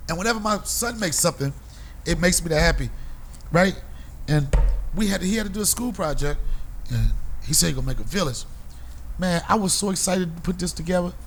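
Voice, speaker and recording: A man hosting a comedy podcast, telling stories in an animated, profane way and acting out other people's voices. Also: high-pitched, fairly quick, pauses often, slight background noise. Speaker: podcast host. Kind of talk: comedic storytelling.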